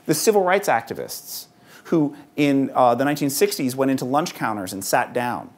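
A man giving a conversational public talk to an audience of parents, speaking in a lively way with frequent ums. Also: medium pitch, normal speed. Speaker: author and speaker at a parents' event. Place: event hall.

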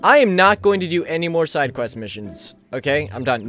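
A man's voice: fairly high pitch, big pitch swings, moderate pace, few pauses, fairly bright tone, soft background music. A man recording let's play commentary, goofy and laughing, mock-outraged at the game. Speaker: gaming channel host.

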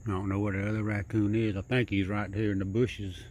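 A man filming outdoors at night, talking low and coaxing in a soft sing-song call that rises in pitch. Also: little pitch movement, a little fast, a little hiss or hum. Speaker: wildlife video maker. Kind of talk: hushed narration while filming animals. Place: outdoors at night near a house.

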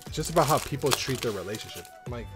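A man chatting casually at home while he opens card packs, with a medium-pitched voice. He wanders from topic to topic, swears often and sometimes lets out loud whoops. Faint music plays behind him. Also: very fast. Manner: rambling, swears a lot, bursts into loud excited whoops. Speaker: YouTuber opening trading card packs. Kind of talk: casual rambling vlog. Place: at home in an apartment.

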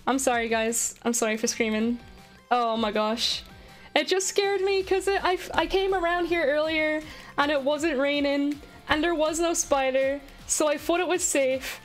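A woman streaming a game live, excitable and chatty as she talks to her viewers. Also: sits high, normal speed, faint music behind. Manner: excitable, chatty, talking to chat.

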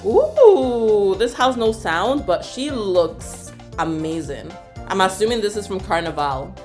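A young woman from Canada giving casual reaction commentary, excitable and exclamatory, laughing often. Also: medium pitch, measured pace, soft background music. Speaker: reaction vlogger.

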